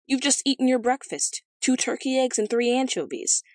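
A woman's voice: mid-range voice, animated, fairly quick, a little mellow, no echo. A woman voicing a pompous, quarrelsome king in a storybook reading, in a slightly raised, self-important tone. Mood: impatient. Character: pompous, quarrelsome king, middle-aged man.

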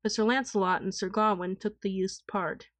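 Calm female storybook narrator. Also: medium pitch, moderate pace, dry recording. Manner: calm, even, formal reading. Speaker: audiobook narrator.

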